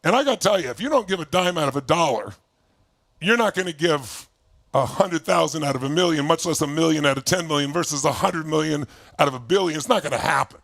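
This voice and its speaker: Gravelly high-voiced man in his sixties. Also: fast talker, dry recording. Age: 60s. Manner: animated storytelling, acting out remembered dialogue. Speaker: motivational speaker. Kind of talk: motivational talk to an online audience. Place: home basement.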